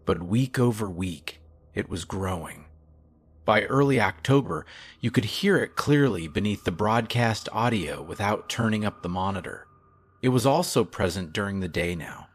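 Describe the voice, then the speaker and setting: A man reading a horror story in a measured, hushed, low-key way. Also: expressive. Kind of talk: scripted horror narration.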